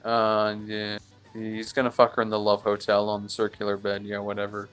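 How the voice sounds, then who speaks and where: A young man reading a fan story aloud over voice chat, halting and mocking the text. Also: lowish voice, monotone, fairly bright tone, smooth, faint music behind. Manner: halting, often restarts and mocks the text. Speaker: fanfic reader. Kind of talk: mocking comedic dramatic reading.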